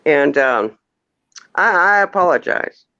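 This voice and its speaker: A man's voice: a little high, lively intonation, slow pace, pushed and bright, no echo. A man calling in to a casual chat show, rambling and flustered, stammering over restarts and swearing often. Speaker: caller. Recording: dull lo-fi call audio.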